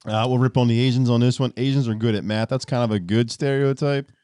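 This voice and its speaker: A man's voice: medium pitch, fairly even intonation, fast, mellow, smooth, no room sound, studio quality. A young man co-hosting a casual podcast chat, hesitant and trailing off with laughs. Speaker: podcast co-host.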